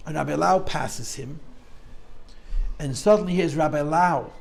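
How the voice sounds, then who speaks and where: A man teaching a Torah class, telling a story with lively, dramatic emotion and acting out the quotes. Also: a little high, gravelly, poor audio. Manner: animated storyteller, acts out quotes with rising emotion.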